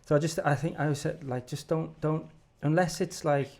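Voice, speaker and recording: Gravelly male podcast host. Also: on the high side, fairly quick. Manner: animated, encouraging, many stammered restarts. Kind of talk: casual conversational interview.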